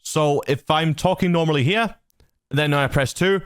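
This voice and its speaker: A man's voice: a little high, normal speed, smooth, no room sound. Male channel host, casual rambling tutorial on a dynamic studio mic, dry sound. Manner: loose and rambling, lots of fillers and restarts. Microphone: dynamic studio mic through a mixer.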